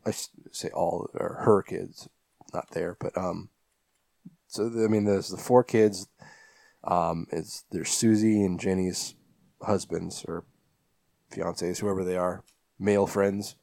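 Recapping a horror film on a podcast he co-hosts, a man rambles casually with lots of ums, fillers, and restarts. He speaks slowly in a low, steady, darkish voice with vocal fry and long pauses, and there's no echo.

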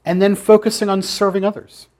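A man's voice: sits high, little pitch movement, a little fast, darkish tone. A man giving an informal sermon to a church group, conversational and challenging, with dry asides. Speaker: pastor. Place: church meeting room.

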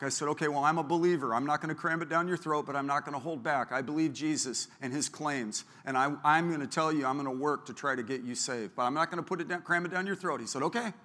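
A male pastor preaching a sermon, telling stories and acting out the people he quotes. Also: on the high side. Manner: storytelling, acts out quoted people, grows louder and more fervent. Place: church sanctuary. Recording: long hall reverb.

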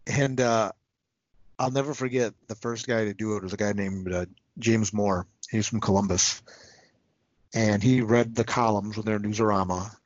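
With a lowish, steady voice at normal speed, this man talks as a podcast guest about his work as a comics writer. He's casual yet earnest, often restarting sentences and choking up emotionally, on slightly muffled, dry audio without room sound.

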